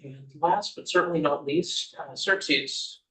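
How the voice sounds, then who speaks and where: A man's voice: fairly high pitch, unhurried, pushed and bright, low-quality recording. A man chairing a committee meeting, welcoming members and moving through items. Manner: welcoming, procedural.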